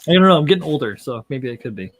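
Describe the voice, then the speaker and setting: A man's voice: medium pitch, sing-song, very fast, fairly bright tone, slightly rough, rough recording. A man chatting casually with friends, rambling, repeating himself and laughing often. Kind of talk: casual chat among friends.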